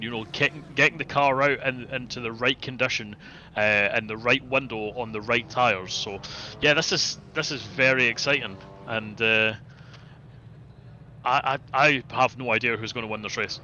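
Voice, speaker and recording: A man's voice: mid-range voice, normal speed, pushed and bright, highs cut off, a little hiss or hum. A man co-commentating on an online sim race, with dry, teasing humour and mock outrage.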